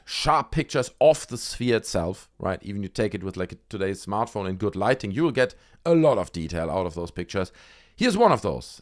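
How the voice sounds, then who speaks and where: Animated sarcastic man, lively pitch. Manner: animated, sarcastic, addresses viewers as dude. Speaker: video host. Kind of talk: casual commentary.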